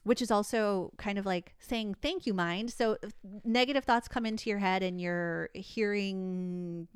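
A woman's voice: mid-range voice, unhurried, smooth, no room sound, clean studio sound. A woman in casual podcast chat, walking through self-help techniques and laughing easily. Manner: explains coping techniques with easy laughter.

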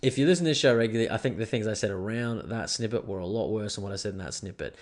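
A man's voice: on the low side, racing. A man hosting a casual solo podcast, rambling and crude, with lots of swearing and self-deprecating asides. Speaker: podcast host.

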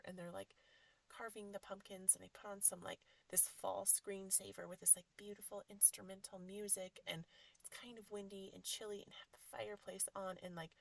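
Gushy thirties woman podcasting from her closet at home, lots of likes, slips into whispers, a bit of vocal fry. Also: mid-range voice. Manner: emotional, gushing, lots of "like" fillers, drops to whispers. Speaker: podcast host. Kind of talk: heartfelt spiritual chat.

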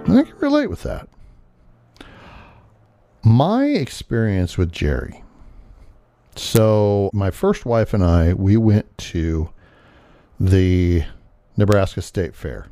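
A man's voice: lowish voice, sing-song, slow, pauses often, warm tone, no room sound. A man in his sixties hosting a podcast, telling personal stories in a casual, earnest way with some swearing. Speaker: podcast host.

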